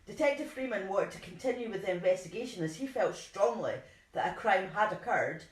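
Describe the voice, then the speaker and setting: A woman's voice: mid-range voice, animated, brisk. Woman, podcast co-host, chatty and self-deprecating, roomy home recording. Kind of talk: casual chat, reading case notes.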